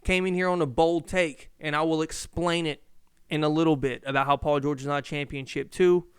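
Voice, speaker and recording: A man's voice: fairly high pitch, a little fast, clear, resonant tone, dry recording, studio quality. A young man hosting his own podcast, ranting casually and profanely about sports and home life into a handheld mic. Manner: profane, rambling, animated rants. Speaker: podcast host.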